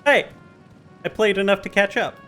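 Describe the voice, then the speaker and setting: A woman's voice: mid-range voice, moderate pace, a bit bright, soft background music. A woman playing a game with a friend, chatting in a playful, giggly way. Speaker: co-player. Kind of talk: casual gaming chat.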